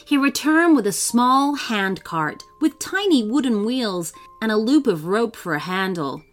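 A woman narrating a children's storybook in a lively, expressive reading voice. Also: mid-range voice.

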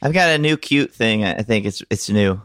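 A male comedian in casual chat, self-deprecating and quick to laugh at himself. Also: on the low side, animated, fairly bright tone, no echo, studio quality.

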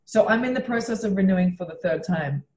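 A young Australian comedian from Western Australia, appearing as a guest, animatedly tells a story in casual conversation, swearing freely and acting out quotes. Her mid-range voice is animated and darkish, and she talks fast. The recording has a roomy echo.

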